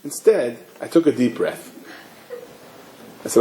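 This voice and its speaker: A man, a rabbi, giving a sermon with animated storytelling and acted-out dialogue. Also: medium pitch, measured pace, slight background noise. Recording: echoey room, faint ambience.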